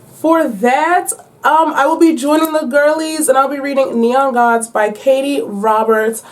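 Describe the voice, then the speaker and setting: A woman talks to her viewers about books in a lively, chatty vlog. She uses playful slang and teases her audience. Her voice sits a little higher than most women's. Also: measured pace. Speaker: book vlogger. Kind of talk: casual chat to viewers. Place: at home.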